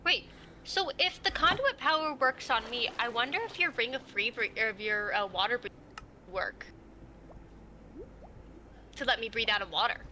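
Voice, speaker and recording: A woman's voice: on the high side, normal speed, pauses often, background noise. A woman in casual, playful chat while playing a game together. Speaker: game co-player.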